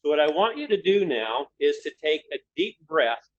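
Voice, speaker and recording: Male webinar presenter, calm guided-exercise delivery, slightly higher voice, dull call audio. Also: a little hiss or hum. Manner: calm, slow, repeats cues in threes. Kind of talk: guided breathing instruction.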